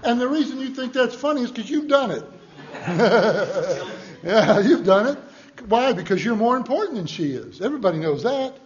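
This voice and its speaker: A man preaching a sermon as a pastor, telling folksy stories and swinging between loud emphasis and hushed asides. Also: extremely high pitch, big pitch swings, moderate pace, lo-fi sound.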